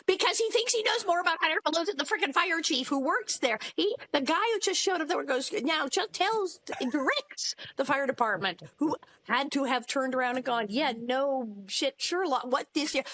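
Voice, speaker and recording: A woman co-hosting a podcast, recapping in a casual, sarcastic, animated way and acting out lines. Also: high voice, no room sound. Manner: animated, sarcastic, acts out quotes. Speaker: podcast co-host.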